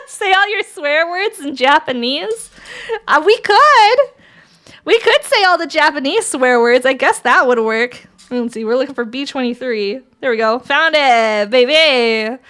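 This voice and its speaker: A woman's voice: sits high, expressive, takes it slowly, fairly bright tone. A woman streamer chatting casually with her viewers, crude and giggly, bantering with chat. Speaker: VTuber streamer.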